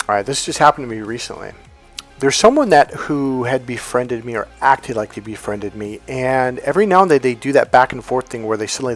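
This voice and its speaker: A man who coaches on relationships, giving a blunt, emphatic vlog rant and swearing freely. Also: mid-range voice.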